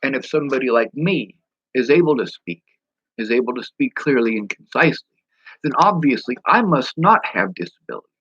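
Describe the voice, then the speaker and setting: A man's voice: medium pitch, lively intonation, brisk, a bit bright, slightly rough, dry recording, muffled recording. Blunt, profane man vlogging. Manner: mimics speech impediments. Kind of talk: casual direct-to-camera vlog.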